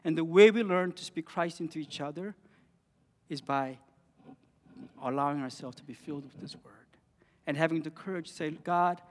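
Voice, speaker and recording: A man preaching a sermon in an earnest way, rising to emphatic phrases and dropping to quiet ones. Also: a little high, moderate pace, long pauses, big-room sound.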